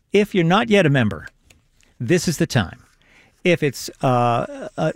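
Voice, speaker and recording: A man's voice: dry recording, clean studio sound. A male radio host earnestly urging listeners to become members during a pledge drive. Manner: earnest, persuasive fundraising pitch. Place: radio studio.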